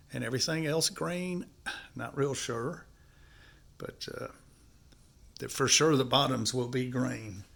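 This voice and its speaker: A man with a gravelly, stuffed-up voice chats in a folksy, meandering way, calling his viewers folks. He sounds easygoing as he talks about his build indoors, at an ordinary pitch for a man. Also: fairly bright tone. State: congested, stuffy nose. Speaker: home-building vlogger. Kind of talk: casual talk to camera while working. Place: house under construction, indoors.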